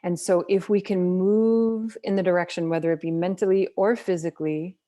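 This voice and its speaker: A woman's voice: fairly low pitch, fairly even intonation, moderate pace, dark tone. A woman from the United States, a holistic health practitioner, giving earnest, blunt advice in casual conversation and swearing freely.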